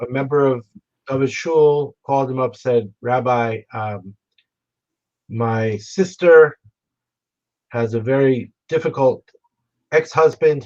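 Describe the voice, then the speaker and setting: A man telling stories in memory of his late brother at a remembrance gathering, speaking in a halting, reflective way with frequent restarts. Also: medium pitch, darkish tone, lo-fi sound. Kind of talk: storytelling remembrance. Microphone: remote broadcast.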